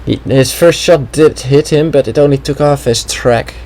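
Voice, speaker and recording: A man's voice: medium pitch, normal speed, a little mellow, a little hiss or hum, rough recording. Casual man commenting on a game replay. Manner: casual, chatty, thinking aloud with many "well"s. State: slight throat trouble. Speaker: gameplay commentator.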